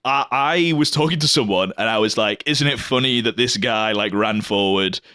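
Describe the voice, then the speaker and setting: A man's voice: fairly low pitch, moderate pace, sharp tone, clean tone, no room sound, clean studio sound. A man co-hosting a podcast in casual chat, rambling and laughing between his thoughts. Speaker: podcast co-host.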